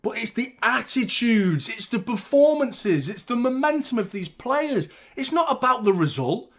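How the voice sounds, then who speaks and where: A man's voice: very high-pitched, sing-song, unhurried, fairly bright tone. A young man hosting a live football watchalong, ranting and swearing constantly in exasperation. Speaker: fan channel host.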